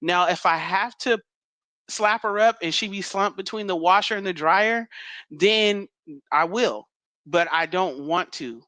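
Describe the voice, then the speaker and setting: A woman's voice: fairly low pitch, measured pace, a bit bright, no room sound. A woman co-hosting a casual podcast, teasing her partner, laughing often and talking over him. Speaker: podcast co-host. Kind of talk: casual chat.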